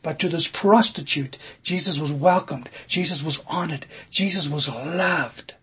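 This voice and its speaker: A man's voice: fairly high pitch, measured pace, fairly bright tone, husky. A middle-aged man preaching a sermon as pastor, earnestly asking the congregation rhetorical questions.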